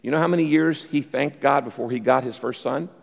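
A man preaching a sermon as a pastor. He acts out voiced quotes, and his pace shifts between quick runs and slow, stressed phrases. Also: mid-range voice, creaky. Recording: long reverb of a large hall.

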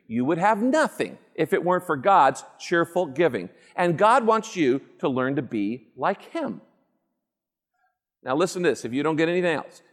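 Preaching a sermon, a pastor speaks emphatically and with animation, tossing playful asides to the congregation. His voice is fairly high, and a long reverb tail trails each phrase.

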